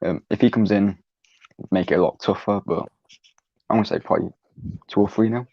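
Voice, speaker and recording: A man with a deep, gravelly, husky voice speaks as a guest on a video call. His answers are short and matter-of-fact. The sound is dull, lo-fi and dry. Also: fairly quick, no echo. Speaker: fan guest. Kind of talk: casual chat.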